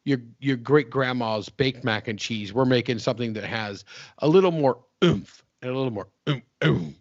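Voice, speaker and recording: A man's voice: mid-range voice, moderate pace, no room sound, muffled recording. A man from West Virginia co-hosting a casual podcast chat, rambling and repeating himself with frequent laughs. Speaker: podcast co-host.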